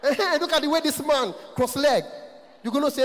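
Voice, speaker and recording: Nigerian comic roasting the crowd, high lively voice, big echoey hall. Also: male voice, moderate pace, slight background noise. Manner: loud, animated, teasing, laughs often. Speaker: stand-up comedian. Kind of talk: live stand-up comedy with crowd work. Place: large concert hall stage. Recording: echoey hall, live stage.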